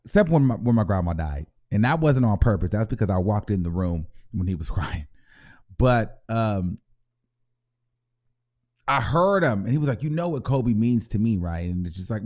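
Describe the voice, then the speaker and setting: A man hosting his own vlog, talking in a rambling, emotional way, full of fillers and restarts. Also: mid-range voice. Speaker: show host. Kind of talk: casual vlog commentary.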